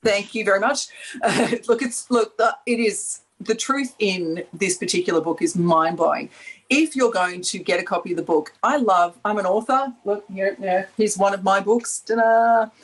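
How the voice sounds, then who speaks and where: An Australian woman in casual panel chat, talking with enthusiasm and drifting from point to point. She laughs easily between thoughts, at a middle pitch for a woman. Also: moderate pace, rough recording. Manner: enthusiastic, rambling, laughs often.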